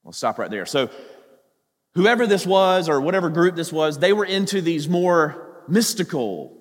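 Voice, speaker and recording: A man preaching a sermon as pastor, animated and full of rhetorical questions. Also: fairly high pitch, normal speed, big-room sound.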